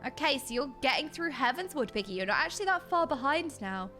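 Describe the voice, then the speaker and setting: Bright, chatty British woman streamer; excitable, talks to chat over faint music. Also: high-pitched, a little fast. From Britain. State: dry throat. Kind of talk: casual chat with live stream chat. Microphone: desk mic.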